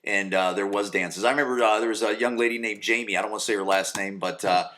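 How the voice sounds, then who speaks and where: A man's voice: on the low side, steady tone, fast, sharp tone, roomy sound. A man in his forties hosting a casual solo podcast from his home basement, crude and rambling, swearing freely and full of fillers. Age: 40s. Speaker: podcast host.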